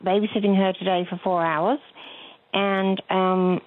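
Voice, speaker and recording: A woman's voice: medium pitch, flat delivery, measured pace. Older woman on a phone line. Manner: chatty, rambling storyteller. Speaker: caller. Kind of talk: phone-in chat.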